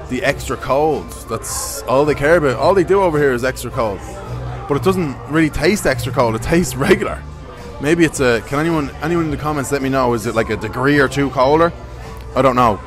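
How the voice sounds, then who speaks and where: A young Irish man chatting casually to camera in a pub, rambling, joking and swearing. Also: mid-range voice. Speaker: pub-reviewing vlogger. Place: indoor pub. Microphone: camera mic.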